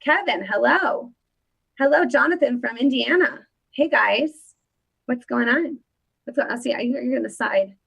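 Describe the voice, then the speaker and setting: A woman's voice: on the high side, expressive, measured pace, gravelly, breathy edge, dull audio. A woman hosting a casual livestream, playfully greeting viewers by name as she chats. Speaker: livestream host.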